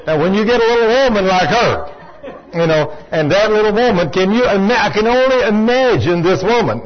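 Male preacher, high voice, folksy storytelling sermon, dull lo-fi recording. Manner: folksy, rising to fervent shouts when quoting.

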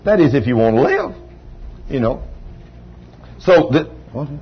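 A man's voice: mid-range voice, wildly swooping pitch, measured pace, slight background noise. An older man preaching a sermon with personal testimony, telling folksy stories and acting out the dialogue with rising emphasis. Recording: dull lo-fi recording.

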